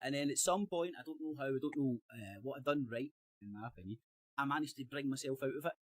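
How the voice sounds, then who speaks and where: A man's voice: medium pitch, quick pace. A Scottish man on a live-stream panel, rambling and self-correcting as he talks. He swears, laughs often and trips over his words in casual debate.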